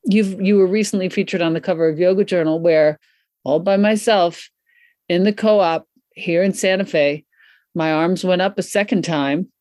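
A woman hosting a podcast, introducing her guest in an effusive, excitable way and riffing casually. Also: fairly low pitch, moderate pace, no echo, studio quality. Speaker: podcast host. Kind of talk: warm podcast interview intro. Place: Santa Fe, US.

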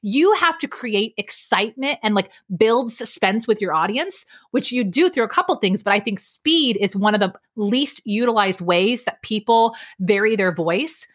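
A middle-aged woman guest on a podcast, explaining speaking tips in an energetic, emphatic way, varying her pace and pitch. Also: moderate pace, few pauses. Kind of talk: lively podcast interview.

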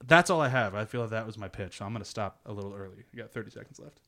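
A man casually pitching a film to others, laid-back, laughing often, swearing and full of "like" fillers. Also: rapid-fire, sharp tone. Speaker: panelist pitching a movie. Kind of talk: casual spoken movie pitch.

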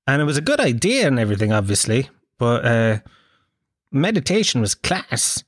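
An Irish man telling a comic, rambling monologue, animated and swearing freely as he asks the listener questions. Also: medium pitch, fairly quick, no room sound, clean studio sound. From Ireland. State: occasional cough.

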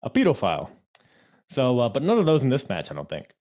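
A man hosting a podcast in casual wrestling chat, talking in a halting way with many fillers and restarts and laughing easily. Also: medium pitch, huge pitch swings, a little mellow. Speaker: podcast host.

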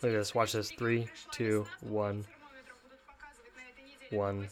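A man's voice: fairly low pitch, little pitch movement, slow pace. A man hosting his own podcast solo, giving casual, joking commentary on news stories in a laid-back way that is full of "dude.". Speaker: podcast host.

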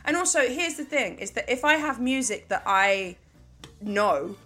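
A woman's voice: fairly high pitch, animated, a little slow, pushed and bright, soft background music. A woman co-hosting a podcast in casual chat, blunt, sweary and laughing a lot. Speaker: podcast co-host.

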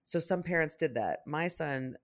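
A parent telling a rambling, animated story in casual podcast chat, often acting out what people said. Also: mid-range voice, normal speed. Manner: rambling, animated anecdotes with acted-out quotes.

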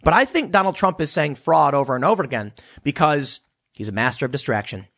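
Animated sarcastic male political commentator. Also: a little high, brisk, dry recording, studio quality. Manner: animated, sarcastic, mocking voices of opponents.

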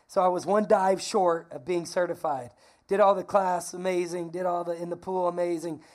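A woman pastor preaching a lively, conversational sermon, calling on the congregation to repeat phrases. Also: on the low side, moderate pace. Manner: energetic, conversational, calls for congregation responses.

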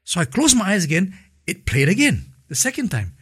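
A middle-aged man, a guest in an interview, telling an emotional personal testimony in a halting way. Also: high voice, wildly swooping pitch, fairly bright tone, slightly rough, no room sound, studio quality. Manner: emotional storytelling, slow and halting in places.

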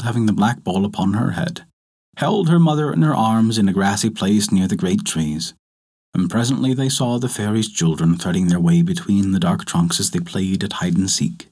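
A man narrating a folktale aloud in an expressive, lilting read-aloud delivery. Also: fairly low pitch, slightly rough. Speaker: storyteller.

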